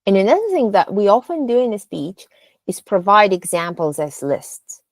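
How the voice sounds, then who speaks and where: A woman's voice: medium pitch, sing-song, moderate pace, no echo. A woman coaching speech delivery, explaining patiently step by step and demonstrating rising and falling intonation on example phrases. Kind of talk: instructional lesson on delivery.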